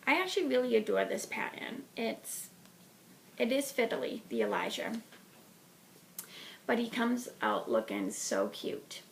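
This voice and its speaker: A woman's voice: on the high side, wildly swooping pitch, measured pace, vocal fry, long pauses, a little hiss or hum. A woman hosting a knitting podcast, chatting casually about a project with lots of ums and restarts.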